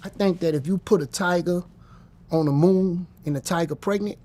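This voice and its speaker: High-voiced man. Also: moderate pace, dark tone. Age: 50s. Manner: blunt, profane, streetwise. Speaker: interview guest. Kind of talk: casual storytelling.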